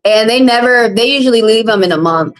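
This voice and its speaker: A woman's voice: fairly high pitch, fairly quick, poor audio. Woman, blunt, casual, salty, live-stream chat. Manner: blunt, casual, profane, talks straight to chat. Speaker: tarot reader.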